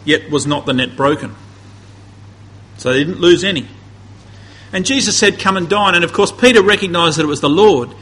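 A man's voice: fairly high pitch, a bit bright, a little hiss or hum, poor audio. A man preaching a conversational sermon, building to emphatic peaks and often restarting his phrases.

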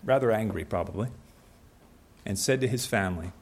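A young man preaching a sermon in a conversational way, acting out little scenes with quick changes of voice. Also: on the low side, creaky, husky.

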